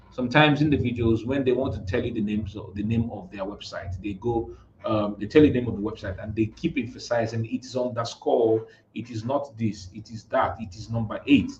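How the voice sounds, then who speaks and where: A man's voice: mid-range voice, a little mellow. Nigerian man giving an emphatic business talk. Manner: emphatic, repeats words, frequent "right?" tag questions. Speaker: marketing coach. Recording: echoey, dull lo-fi room sound with faint noise.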